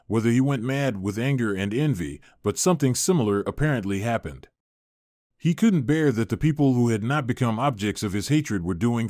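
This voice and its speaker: A man narrating a dramatic family story in an even, steady reading voice. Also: mid-range voice, no room sound, clean studio sound.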